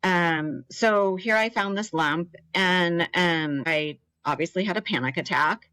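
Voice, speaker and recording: A woman's voice: on the low side, a little slow, bright, forceful tone, no room sound, rough recording. Earnest woman telling a personal story. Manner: earnest, emotional, acts out quoted voices. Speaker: podcast guest, cancer survivor.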